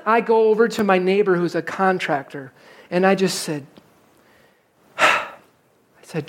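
Animated, self-mocking preacher man. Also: sits high, unhurried, long pauses, slight background noise. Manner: animated, self-mocking storyteller who acts out his frustration. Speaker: pastor. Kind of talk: sermon with a personal story.

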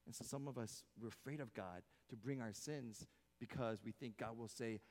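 A man preaching a sermon as pastor, swinging from hushed, soft passages to loud, emphatic exclamations. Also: mid-range voice, moderate pace. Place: church sanctuary. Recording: long hall reverb.

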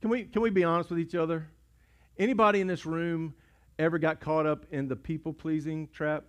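A high-voiced man preaches a sermon from the pulpit, his drawl coming through clearly. He swings between quiet, close asides and loud, repeated rallying lines to his congregation. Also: steady tone, a little fast. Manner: preaching in swells from hushed to shouting, repeats words. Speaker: pastor. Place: church sanctuary. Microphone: pulpit mic.

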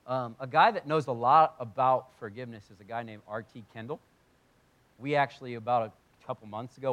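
Speaking in a mid-range voice, this pastor addresses his congregation earnestly and conversationally. His sermon in the church hall alternates between booming emphasis and quiet, hushed moments.

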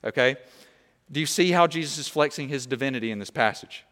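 A young man preaching a sermon, animated and conversational, often checking in with "okay?". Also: mid-range voice, brisk, big-room sound. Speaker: pastor.

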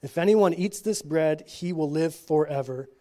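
A man reading scripture slowly at a church teaching, breaking off for casual asides and frequent checks like "okay?". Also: a little high, dark tone. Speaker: Bible study teacher.

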